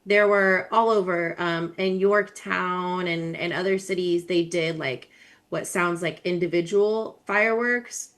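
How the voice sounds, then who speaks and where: A woman with a somewhat low voice co-hosting a casual podcast. She chats easily, laughs often and teases her co-host. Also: fairly even intonation, measured pace, fairly bright tone. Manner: chatty, laughs often, teasing.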